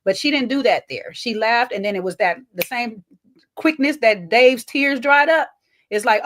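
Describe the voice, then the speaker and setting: A woman co-hosting a casual recap show, talking in an animated, sassy way and acting out what people said. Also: fairly high pitch, moderate pace, slight background noise. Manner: animated, sassy, acts out quotes. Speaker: podcast co-host. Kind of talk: casual reality-TV recap chat.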